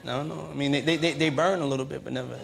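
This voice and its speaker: A man's voice: a little high, fairly even intonation, fast talker, vocal fry. A man, a music star being interviewed on a chat show, laid-back and hesitant, often repeating words. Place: television studio with audience. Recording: noisy studio audience behind.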